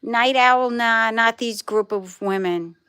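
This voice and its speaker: Speaking slowly in a fairly high, sharp, clear and resonant voice, this middle-aged woman from Brooklyn, New York hosts a live stream and answers viewer comments. Her chatty stories ramble, trailing off and restarting, with no room sound behind her.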